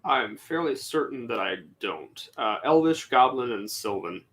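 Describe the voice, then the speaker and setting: A man's voice: medium pitch, expressive, a little slow, a bit bright, poor audio. A man playing a tabletop game, insistent and arguing for his turn. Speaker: player. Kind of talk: casual tabletop play.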